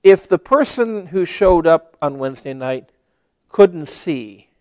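Male pastor, high voice with a lot of lift, dry close sound; storytelling sermon that builds to emphatic preaching. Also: animated, takes it slowly, no room sound.

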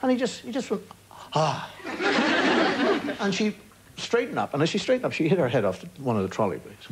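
An Irish man in his fifties spins funny anecdotes on a television chat show, his voice bouncing up and down. Loud tape hiss runs under an old broadcast recording. He acts out the punchlines with wry timing. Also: high voice, moderate pace. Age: 50s. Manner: animated anecdotes with wry asides, acting out punchlines. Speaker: talk show guest. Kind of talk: comic storytelling on a chat show. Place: TV studio before an audience. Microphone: studio broadcast mic.

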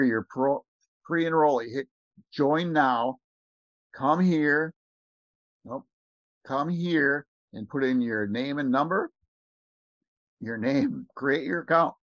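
An eager man narrating a screen recording, talking quickly and rambling as he clicks through pages. His voice sits at an ordinary pitch and the sound is close and dry, with no room echo. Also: lo-fi sound. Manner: excited, rambling, talks fast. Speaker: network marketing recruiter. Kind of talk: screen-share walkthrough.

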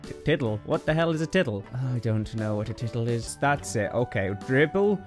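A man's voice: medium pitch, brisk, over music. A man doing exasperated, self-mocking gameplay commentary, yelping often. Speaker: gaming YouTuber. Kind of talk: game commentary.

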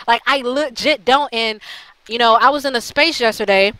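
A woman's voice: fairly high pitch, moderate pace, pushed and bright, dry recording, poor audio. A woman ranting bluntly in a heated, profane monologue to her channel, full of fillers and restarts. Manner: blunt, heated, heavy swearing; frequent fillers and repeated restarts. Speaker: channel host.

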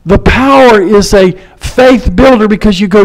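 In this sermon, a male preacher with a high voice talks at a moderate pace and brings quoted figures to life by changing his voice for each. Emphatic peaks give way to soft, low asides, and the audio is poor.

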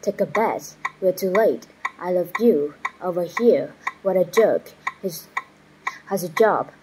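A woman reading short practice phrases aloud one at a time, in an even, measured way, as in a pronunciation drill. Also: lowish voice, noisy background.

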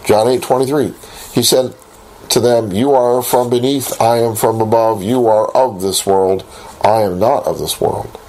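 A man teaching a Bible lesson, reading scripture aloud and posing rhetorical questions in a deliberate way. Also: mid-range voice, fairly even intonation, darkish tone, rough recording. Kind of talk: recorded Bible study lesson.

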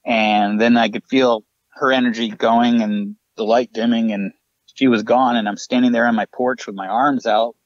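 A man's voice: mid-range voice, steady tone, moderate pace, dry recording, lo-fi sound. A man, a paranormal investigator, earnestly recounting his ghost encounters as a podcast guest. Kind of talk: storytelling in a podcast interview.

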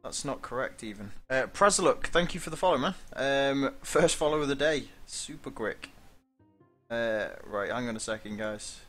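A man's voice: mid-range voice, expressive, moderate pace, a bit bright, faint music behind. A man streaming a game live and chatting casually, greeting viewers by name and laughing often.

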